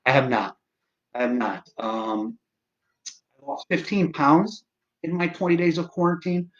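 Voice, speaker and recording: A man in his forties chatting on a livestream, sarcastic and profane, halting often with fillers. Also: fairly high pitch, animated, lo-fi sound. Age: 40s. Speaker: livestream host. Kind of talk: casual livestream chat.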